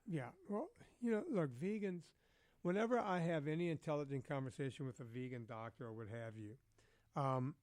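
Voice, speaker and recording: A man guesting on a podcast, talking bluntly and profanely in a lively, storytelling way. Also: fairly high pitch, moderate pace, no room sound, clean studio sound. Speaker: guest, fitness trainer. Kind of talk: casual podcast chat.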